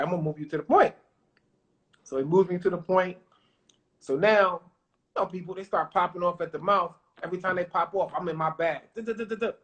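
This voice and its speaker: Man, high voice, animated storyteller, confident, podcast guest. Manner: animated, acts out quotes, confident. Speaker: podcast guest, former pro basketball player. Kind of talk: casual storytelling interview.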